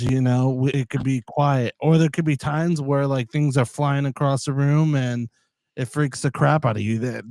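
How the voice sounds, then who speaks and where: Gravelly-voiced man hosting a live chat. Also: medium pitch, warm tone, no room sound. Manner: rambling, says he is caffeinated and all over the place. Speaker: livestream host.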